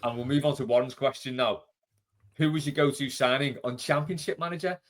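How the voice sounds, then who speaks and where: A man's voice: medium pitch, steady tone, a little fast. A man hosting a podcast, reading out listener questions and teasingly moving the chat along. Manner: teasing, moves the talk along. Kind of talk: casual chat.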